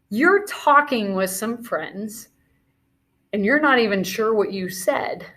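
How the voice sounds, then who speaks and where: A woman's voice: medium pitch, a bit bright. A woman teacher leading a classroom video lesson, talking through scenarios and calling out movement commands in an encouraging way.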